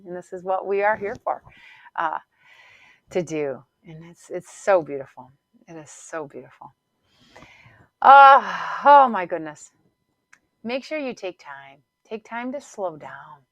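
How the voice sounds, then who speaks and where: Soft-spoken spiritual woman host. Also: lowish voice, no echo. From Northern Hemisphere. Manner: soft, breathy affirmations with frequent laughs and repetitions. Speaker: podcast host and Psych-K instructor. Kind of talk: gentle motivational spiritual talk.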